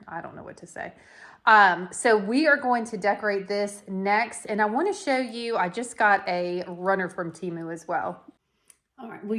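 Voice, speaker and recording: A woman's voice: medium pitch, a bit bright. Middle-aged woman, home vlogger; blunt, folksy, chatty. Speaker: home decor YouTuber. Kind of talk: casual decorate-with-me vlog.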